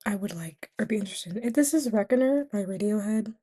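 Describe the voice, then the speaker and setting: A woman's voice: mid-range voice, expressive, fairly quick, dark tone, breathy edge. A tired young woman vlogging in a casual, rambling way, often dropping to a whisper between fillers. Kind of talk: casual confessional chat.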